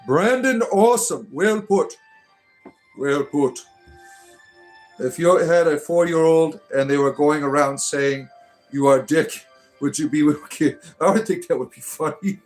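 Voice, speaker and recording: An older man rambling through mock-spiritual replies to comments, halting and chuckling, with an irreverent deadpan manner. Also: medium pitch. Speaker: comedic spiritual character responding to comments. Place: Ireland.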